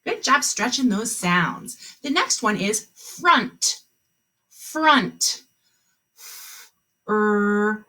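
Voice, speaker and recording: A kindergarten teacher leading a phonics lesson over a video call, her pace slow and patient as she draws out each sound. Her voice is bright with a husky edge, and it swoops lively up and down as she cheers the children on. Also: on the high side. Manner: slow, encouraging, stretches out word sounds.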